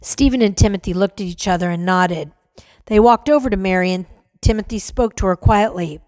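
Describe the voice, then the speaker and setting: A woman narrating a story aloud in a gentle, measured way, lightly voicing the characters. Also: medium pitch.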